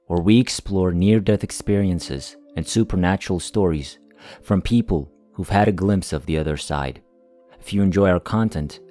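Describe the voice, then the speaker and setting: A man narrating a scripted first-person story in a calm, even manner. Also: fairly low pitch. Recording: faint music behind the voice.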